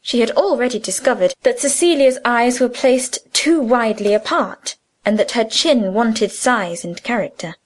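A woman reading a novel aloud as narrator, in a measured, expressive way. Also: fairly high pitch. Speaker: audiobook narrator. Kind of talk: scripted narration.

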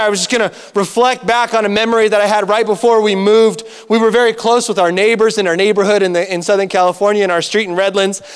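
A man preaching a sermon as a pastor, telling stories in an animated way and acting out the dialogue himself. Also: high-pitched, clear, resonant tone. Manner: animated storytelling with acted-out dialogue. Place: church hall. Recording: long church hall reverb.

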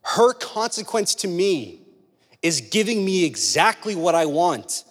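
A man's voice: high voice, sing-song, unhurried, a bit bright. A young adult man preaching a sermon, telling stories conversationally and driving his points home with repetition. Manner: conversational storytelling, emphatic repeated points. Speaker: pastor. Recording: long hall reverb.

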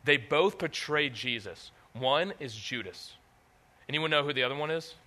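A man preaching a sermon, reading scripture aloud and asking the audience questions in an animated way. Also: fairly high pitch, normal speed.

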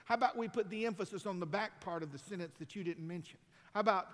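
A man preaching a sermon as pastor, building to shouted emphasis and dropping into folksy asides. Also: high voice, fast, big-room sound. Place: church sanctuary.

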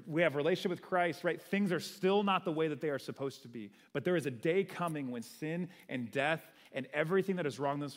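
Conversational young preacher in a reverberant hall. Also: male voice, fairly high pitch. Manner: conversational, animated preaching with frequent "right?" asides. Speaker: pastor. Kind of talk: sermon. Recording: long reverb of a large hall.

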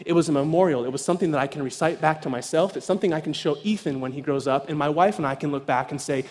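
A man preaching an evening sermon as pastor, telling a story animatedly and acting out voices, sometimes shouting with excitement. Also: fairly high pitch, rapid-fire, few pauses. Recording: long reverb in a large hall.

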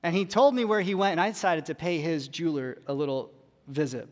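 A pastor preaching in a relaxed, storytelling way, poking fun at himself as he goes. His voice is high for a man. The sound trails off into the long reverb of a big hall. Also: brisk. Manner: conversational, self-deprecating humor. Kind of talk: sermon storytelling.

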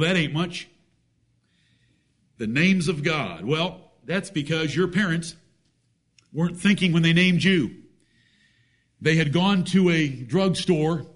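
A man preaching a sermon, emphatic, with rhetorical questions and folksy jokes. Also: a little high.

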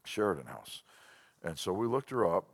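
A man giving a sermon-style Bible lesson, animated and storytelling, often restarting his sentences. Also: deep voice, moderate pace, gravelly. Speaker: Bible teacher.

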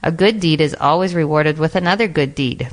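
Brief: a woman putting on a cunning storybook fox, high and sly. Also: fairly quick, lightly acted. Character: clever male fox, polite then sad.

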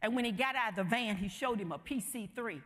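High-voiced woman preaching in a hall. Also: quick pace, fairly bright tone. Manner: rhythmic, emphatic preaching. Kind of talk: sermon.

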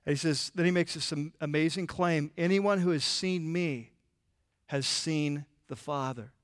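A pastor preaches a sermon in a church, his voice pitched higher than usual and his pace a little slow. He speaks conversationally, tripping over restarts and filler words. The sound is close and dry, with no echo.

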